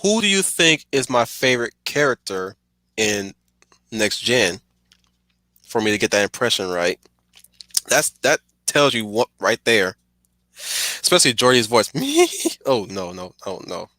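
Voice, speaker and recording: Excitable streamer guy rambling, bright voice, dry sound, keeps laughing. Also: on the low side, a little slow, pauses often, no room sound. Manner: excitable, digressive, laughs often. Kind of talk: casual rambling commentary.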